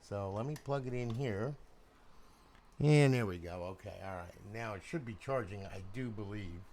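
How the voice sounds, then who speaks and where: A man's voice: fairly low pitch, normal speed, darkish tone, slight background noise. A middle-aged man from New Jersey with a New Jersey accent, talking bluntly and rambling on a casual livestream while he shows off a console he modded and sells.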